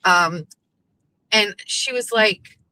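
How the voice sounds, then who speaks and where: A bright, forceful woman spins a rambling personal story, swearing freely and acting out both sides of every exchange. Her voice sits close and dry, with no room around it. She sounds like a host in her thirties chatting straight to her listeners. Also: medium pitch, dry recording, rough recording. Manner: chatty and profane, quoting others in quick back-and-forth. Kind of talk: casual storytelling monologue.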